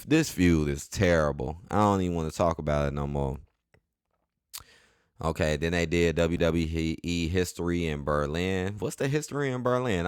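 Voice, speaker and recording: A man's voice: low-pitched, clean tone, dry recording, studio quality. A man reviewing a wrestling show in a casual, blunt way, repeating himself for emphasis. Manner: blunt, repetitive, laughs at moments.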